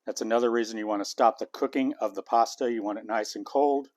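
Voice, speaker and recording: A man's voice: fairly low pitch, quick pace, a little mellow. A man hosting a home cooking video, chatting casually and tasting as he goes. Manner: homey, chatty, talks while eating. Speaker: cooking channel host.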